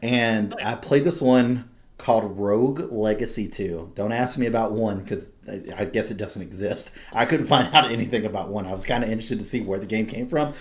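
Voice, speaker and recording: A man's voice: fairly low pitch, normal speed. A young man hosting a podcast, chatting casually, laughing often and swearing freely. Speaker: podcast host. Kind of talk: casual chat.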